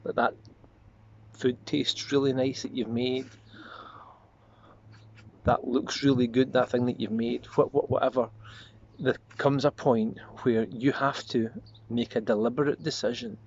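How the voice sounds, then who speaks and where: A man's voice: mid-range voice, steady tone. Male pastor, earnest devotional tone, reflective refrains, slightly muffled recording with faint hiss. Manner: earnest, slows and softens on repeated refrains. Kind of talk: devotional sermon. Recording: slightly dull lo-fi audio with faint noise.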